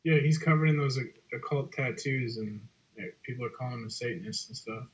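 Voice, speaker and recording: A man's voice: medium pitch, fairly quick, low-quality recording. A man joining a casual online hangout as a guest, laid-back, filling his talk with likes and trailing off. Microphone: video call.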